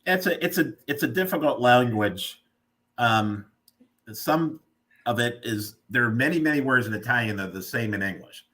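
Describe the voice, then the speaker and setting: A man's voice: medium pitch, expressive, moderate pace, fairly bright tone. A man hosting a casual live video chat who playfully explains food words like a teacher. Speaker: host. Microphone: video call.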